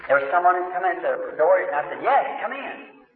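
A man's voice: high-pitched, sing-song, a little fast. A man preaching a sermon, telling a story in a folksy way and quoting the people in it. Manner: folksy storytelling, quotes others in dialogue. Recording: tinny old archive recording from far off in a reverberant hall.

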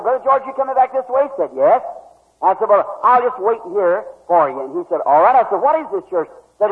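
A man preaching a sermon, telling a folksy story and voicing the people in it. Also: sits high. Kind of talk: sermon testimony. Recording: tinny old lo-fi recording, hall reverb.

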